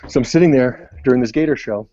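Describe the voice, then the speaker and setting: A man's voice: mid-range voice, fast talker, warm tone, no echo, muffled recording. A young adult man telling a long story in casual podcast chat, rambling with many fillers. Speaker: podcast co-host.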